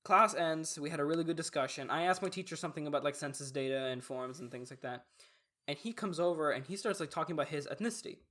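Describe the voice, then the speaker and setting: Quick and sharp-toned, this slightly high male voice belongs to a young podcast co-host. He meanders through a story in casual conversation, stumbling over fillers and starting sentences again.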